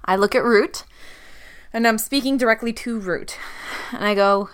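A woman's voice: a little high, moderate pace, pauses often, fairly bright tone, smooth. A woman playing a tabletop game, speaking firmly and at length as her character. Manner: firm, talks in character at length. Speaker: player.

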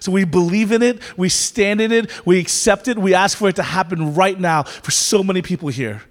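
A man's voice: high voice, fairly quick. A man preaching a sermon as pastor, conversational with playful asides that turn to earnest prayer, in a church sanctuary. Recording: reverberant church hall.

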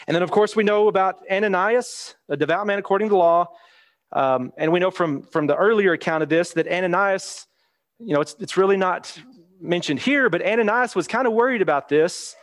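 A man's voice: high voice, normal speed. A man preaching a Bible lesson in a plain, conversational way, reading scripture aloud and explaining it. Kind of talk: Bible teaching sermon.

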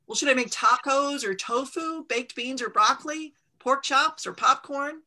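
A woman's voice: on the high side, expressive, moderate pace, bright, forceful tone, heavily acted. A woman voicing an exasperated, stubborn country mother in a storybook read-aloud, pleading with a raised voice.

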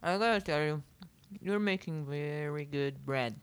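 A woman whose first language is Portuguese, co-hosting a podcast in casual chat, playful and quick to giggle. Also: deep voice, clean tone. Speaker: podcast co-host.

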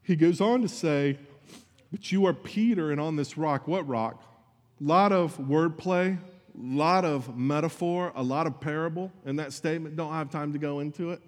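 A man's voice: fairly high pitch, moderate pace. Earnest man preaching in a hall. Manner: earnest, conversational preaching with asides to the congregation. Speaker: pastor. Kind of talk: sermon.

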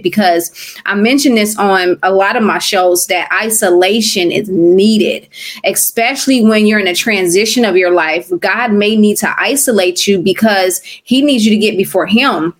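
A middle-aged woman minister talks through her testimony in an earnest, preaching way. She stumbles and restarts words often, and her voice sits at an ordinary middle pitch for a woman. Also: moderate pace. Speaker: minister and podcast guest. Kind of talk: conversational testimony.

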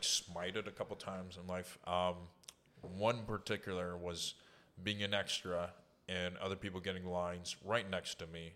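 Low-voiced man telling rambling stories. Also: a bit bright. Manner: profane, rambling anecdotes with many fillers. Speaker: interview guest. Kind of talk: casual storytelling.

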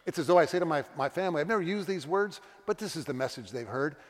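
A middle-aged pastor preaching a sermon, earnest and confessional, telling stories with voiced quotes. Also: male voice, fairly high pitch, animated, quick pace. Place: church sanctuary. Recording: long church reverb.

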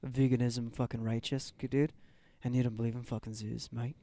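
A man's voice: mid-range voice, little pitch movement, brisk, warm tone, no echo, natural voice. A man in an improvised comedy sketch, voicing a brash, profane Australian zookeeper who blusters, stumbles over words and says "mate" constantly. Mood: blustering.

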